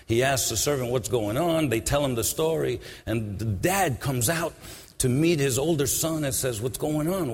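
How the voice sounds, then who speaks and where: A man's voice: mid-range voice, big-room sound. A man preaching a sermon, retelling a parable and rising into fervent, sing-song appeals.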